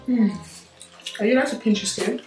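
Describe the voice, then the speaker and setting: A woman's voice: fairly high pitch, brisk. A young woman co-hosting a spicy food challenge in casual chat, complaining and laughing through the heat. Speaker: vlogger. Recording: echoey room, distant mic, faint music.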